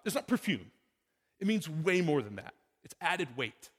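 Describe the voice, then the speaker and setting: A man delivers a sermon in a relaxed, talky way, pausing for questions to the congregation. His voice sits a little higher than most men's and swings up and down a lot. A long reverb from the hall trails after each phrase. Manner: conversational preaching, rhetorical questions to the congregation. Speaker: pastor.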